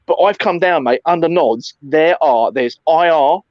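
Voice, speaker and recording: Animated man telling a war story. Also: on the high side, a little slow, no echo, lo-fi sound. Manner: animated, swearing, lots of fillers and "mate". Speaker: airsoft player recounting a game. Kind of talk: casual storytelling chat.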